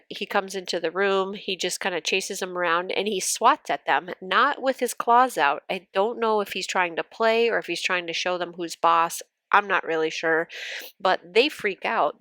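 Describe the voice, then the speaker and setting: A woman with a congested, stuffy nose talks in a chatty, rambling way, full of fillers. Her voice sits fairly low and sounds close and dry. She is middle-aged. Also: fairly bright tone, no echo. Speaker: planner vlogger. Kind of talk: casual plan-with-me chat.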